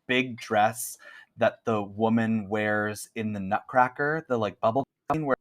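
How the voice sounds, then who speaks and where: A man running a tabletop horror game as game master, relaxed and chatty with laughing asides. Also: fairly low pitch, a little slow.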